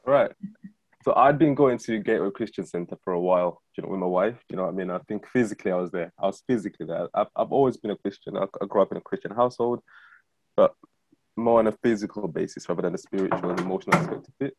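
A man in his thirties speaks quickly and casually as he recounts his own story, often checking in with "do you know what I mean?" His voice sits on the low side with a husky edge. The sound is dry and close. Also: no room sound. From Zimbabwe. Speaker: guest, freelance director. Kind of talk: personal testimony in conversation.

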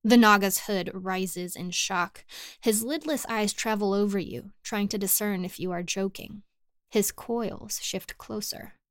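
A woman narrating a short story for a podcast in a measured, even storytelling manner. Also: medium pitch, no echo. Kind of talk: scripted fiction narration.

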